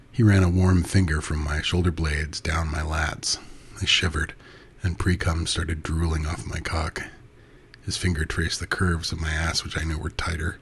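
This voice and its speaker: A man reads an intimate first-person erotic story in a soft, breathy delivery that often sinks to a half-whisper. His voice is very deep and stays flat and even throughout. A faint noise sits in the background. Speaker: narrator.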